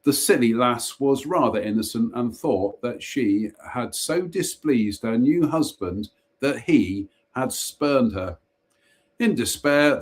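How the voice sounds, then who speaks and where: A man reads short ghost stories aloud on a casual live stream. He breaks off now and then for dry, jokey asides. He trips over a word now and then and simply goes back to it. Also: mid-range voice. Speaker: host reading ghost stories.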